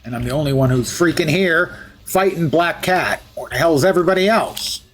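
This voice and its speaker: A man's voice: on the high side, moderate pace, fairly bright tone, a little hiss or hum. A man streaming live, chatting through gameplay with wry asides and jokes.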